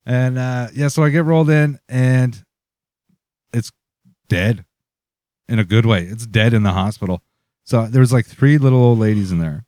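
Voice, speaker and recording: A man's voice: medium pitch, moderate pace, pauses often, dark tone, no room sound, studio quality. A man, co-host of a casual podcast, telling a loose, profane story with frequent laughs. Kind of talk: casual chat.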